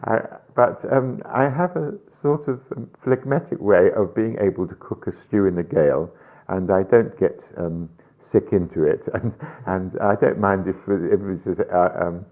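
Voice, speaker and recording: An older man with a very low voice tells rambling, amused stories in a radio interview, laughing often and pausing on ums. The sound is thin and tinny, like an old telephone line. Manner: chuckling, anecdotal storytelling with frequent hesitations. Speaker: rabbi and guest.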